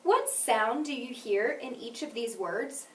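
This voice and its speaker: A woman teaching a phonics lesson, speaking clearly and deliberately and stressing each example word. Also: fairly high pitch, fairly bright tone. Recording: echoey room, mic at a distance.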